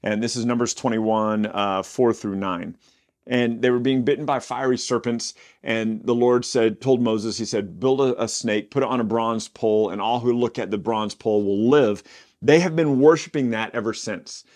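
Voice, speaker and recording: A man's voice: mid-range voice, normal speed, darkish tone. A man reading Bible passages aloud and stopping to explain them in a casual, conversational way. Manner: reads scripture aloud, breaks off to explain in casual slang. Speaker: Bible teacher.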